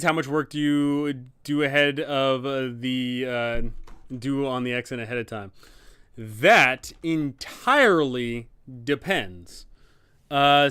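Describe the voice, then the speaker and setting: A man's voice: a little high, bright, forceful tone, clean tone, no echo, clean studio sound. A man, a dungeon master hosting a live Q&A stream, chatting casually and rambling. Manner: rambling, lots of fillers and restarts.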